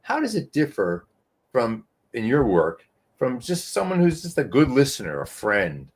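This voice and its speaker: A man's voice: mid-range voice, wildly swooping pitch, moderate pace, slightly rough. A man co-hosting a radio talk show, asking the guest probing conversational questions. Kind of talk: interview questioning.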